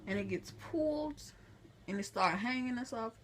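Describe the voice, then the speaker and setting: A woman vlogger chatting to a phone camera, retelling a family story in a lively, chatty way. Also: on the high side, moderate pace, husky.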